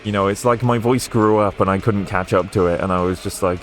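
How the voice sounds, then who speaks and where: A man with a softened Welsh accent, chatting casually and rambling while he streams a racing game. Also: fairly low pitch, steady tone, a little fast, faint music behind. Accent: Welsh, Newport area, softened toward English. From Wales. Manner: rambling and chatty, with frequent fillers and restarts.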